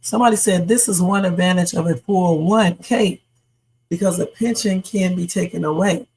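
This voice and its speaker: Streamer hosting a casual news chat live; rough, husky voice, talks loosely to viewers. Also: medium pitch, normal speed, a little mellow, low-quality recording. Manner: chatty, reacts to news and reads viewer comments. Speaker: livestream host. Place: home streaming setup.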